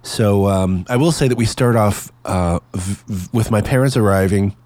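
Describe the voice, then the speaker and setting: A man from Canada chats on his podcast, a little low in pitch and easily amused. His voice is close and dry, with no room sound. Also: normal speed, darkish tone, no echo. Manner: chatty, laughing easily, enthusiastic. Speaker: podcast host. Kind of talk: casual podcast chat.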